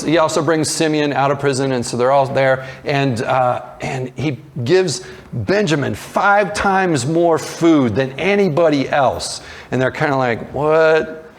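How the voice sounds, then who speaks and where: Male pastor retelling a story conversationally. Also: mid-range voice. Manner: storytelling with acted voices for characters; conversational with frequent restarts and fillers. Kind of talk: sermon.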